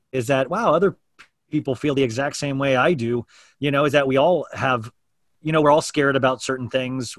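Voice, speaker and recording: A man's voice: medium pitch, a bit bright, dry recording, clean studio sound. A man hosting a daily podcast, talking openly in a casual, rambling way with many restarts. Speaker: podcast host. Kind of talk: casual chat.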